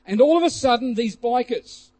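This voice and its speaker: A man preacher telling a worship story as a testimony, animated, with many fillers and sudden loud exclamations. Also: very high-pitched, normal speed.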